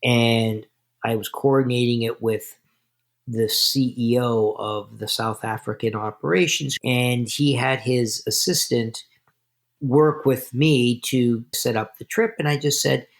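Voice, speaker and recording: Gravelly-voiced man telling stories. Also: medium pitch, steady tone, a little slow. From Canada. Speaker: podcast guest. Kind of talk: casual interview storytelling.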